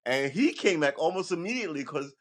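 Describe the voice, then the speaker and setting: A man's voice: fairly high pitch, expressive, fairly quick, fairly bright tone. A man talking casually on a livestream, rambling and profane, with sarcastic asides. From United States. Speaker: livestream host.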